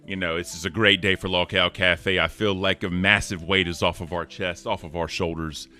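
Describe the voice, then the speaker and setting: A man co-hosting a casual livestream chat in a deep voice, upbeat and thanking chat members by name. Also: steady tone, fairly quick, sharp tone, faint music behind. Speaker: co-host.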